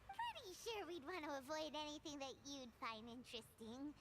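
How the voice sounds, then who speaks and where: A squeaky, sassy little fairy companion. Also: female voice, wildly swooping pitch, moderate pace, noisy background. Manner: chirpy, sassy. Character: tiny cheeky floating fairy companion, girl. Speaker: game character.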